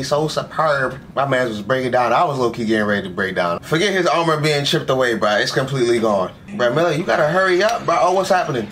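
The voice is a young man's, fairly high and a bit bright, with slight background noise. He comments on an anime episode in slang, argues back at the screen and uses "bro" all the time.

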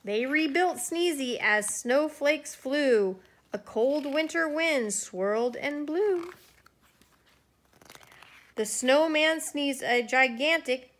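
A woman storyteller reading a rhyming children's picture book aloud with lively, rhythmic expression. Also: high-pitched, slow pace.

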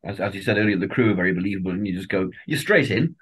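Brief: male co-host, lowish husky voice, animated pitch, blunt wry humour. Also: rapid-fire. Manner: opinionated, swears freely, wry asides. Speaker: podcast co-host. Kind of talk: casual chat.

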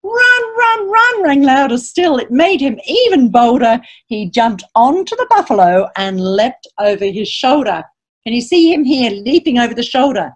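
A children's author reads her picture book aloud, her fairly high voice rising and falling widely through each line. She chants the rhyming verses in a lively sing-song and keeps turning to her young listeners with questions. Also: normal speed. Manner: animated storyteller, asks listeners questions.

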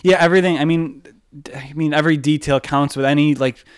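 A man hosting a podcast in casual chat, relaxed and often laughing, with short affirmations. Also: on the high side, fast talker, clear, resonant tone. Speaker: podcast host.

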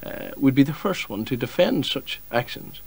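A man's voice: medium pitch, sing-song, moderate pace, vocal fry, slightly rough, dry recording, heavily acted. A man voicing a pompous, hesitant retired police chief who speaks formally in a Northern Irish accent, in a comedy sketch. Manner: formal, hesitant, full of ums.

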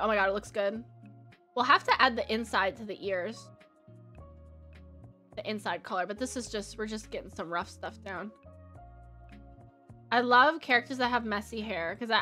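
Woman, Valley Girl accent, streamer, casual drawing chat, giggly and rambling, sharp bright voice, soft background music. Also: fairly high pitch. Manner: chatty and rambling, giggly, heavy use of "like".

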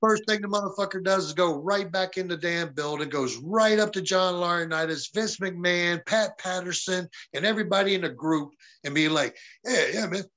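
Blunt, profane man with bright voice. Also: sits high, normal speed, hardly any pauses, low-quality recording. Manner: profane, blunt, quotes others in dialogue. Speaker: interview guest, former pro wrestler. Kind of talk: casual storytelling interview.

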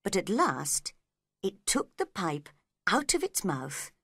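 Woman storybook narrator, very slow clear read-along, lively intonation, dry close sound. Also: medium pitch, no room sound.

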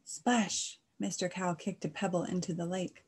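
A woman reading a rhyming children's story aloud, in a gentle and expressive way. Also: fairly low pitch, a little slow, a little hiss or hum.

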